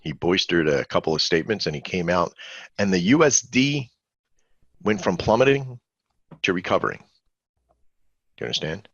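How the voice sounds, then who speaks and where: A man's voice: low voice, expressive, moderate pace, long pauses, fairly bright tone, slightly rough, dry recording, dull audio. A man hosting a live trading webinar, talking in a rambling, conversational way and quizzing his audience. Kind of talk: casual live webinar teaching.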